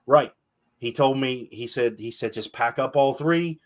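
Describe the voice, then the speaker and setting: A man's voice: medium pitch, unhurried. A man hosting a casual podcast chat, telling stories with animation and swearing freely. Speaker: podcast host.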